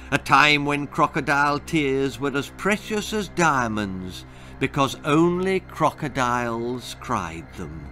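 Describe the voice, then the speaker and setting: A man voicing a tiny magical duck that speaks in a soft, watery, hissing voice and delivers grave warnings. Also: medium pitch.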